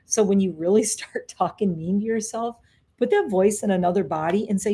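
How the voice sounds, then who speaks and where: A woman's voice: medium pitch, moderate pace, dark tone, husky. A middle-aged woman vlogger chatting casually on a live stream, telling stories in a rambling, self-correcting way. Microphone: webcam or phone on a live stream.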